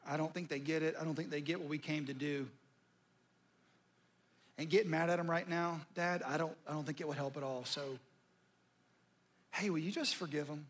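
A man voicing a gentle, patient, forgiving Jesus in a soft, hushed, tender way. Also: very high-pitched, breathy edge, exaggerated voice.

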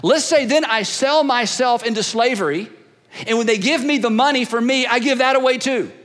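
High-voiced man preaching in a hall. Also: moderate pace. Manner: animated, conversational preaching that swings between loud and hushed. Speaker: pastor. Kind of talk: sermon.

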